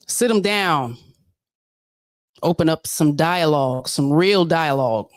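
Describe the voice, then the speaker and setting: Her voice is low and slow, broken by long pauses, with no room sound in the recording. The livestream host keeps things casual but turns preachy, animatedly repeating herself for emphasis.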